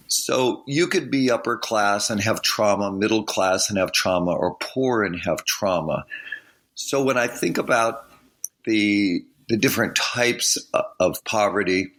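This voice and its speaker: A man from California, a guest on an interview podcast, explaining things in a measured way. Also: on the low side, a bit bright. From San Diego, California. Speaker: education researcher and author, guest. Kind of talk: interview answers.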